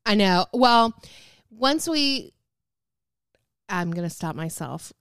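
A woman's voice: mid-range voice, expressive, slow pace, fairly bright tone, clean tone, no room sound, clean studio sound. A woman co-hosting a casual chat podcast, chatty and giggly with lots of fillers. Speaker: podcast co-host.

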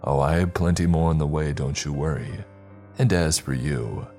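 A ruthless surveillance boss with a creaky, very deep voice, as a storyteller puts him on, snapping his threats with open contempt. The tone stays cold and scornful. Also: normal speed, darkish tone, faint music behind. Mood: menacing.

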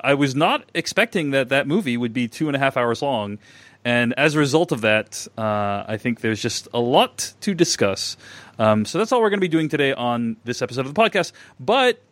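On a casual film podcast, a male host with a mid-range, fairly bright voice thanks donors and reads listener messages aloud, laughing easily. The recording is dry.

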